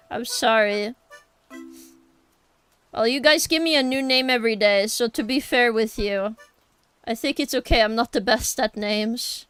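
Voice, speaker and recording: While drawing on stream, this young woman with a Norwegian accent chats casually and rambles, talking straight to her viewers. Her voice is on the high side, fairly bright, clear and resonant.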